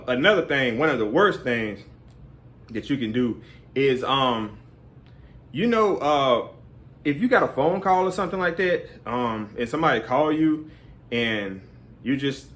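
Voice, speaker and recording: A man's voice: mid-range voice, fairly bright tone. Rambling man full of fillers. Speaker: vlogger. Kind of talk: casual advice talk.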